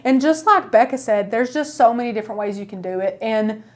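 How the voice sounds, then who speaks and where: A woman's voice: a little high, expressive, brisk, darkish tone. A woman with an East Tennessee accent hosting a live craft tutorial, chatty and upbeat, talking straight to her viewers. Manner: chatty, upbeat, keeps addressing viewers as guys.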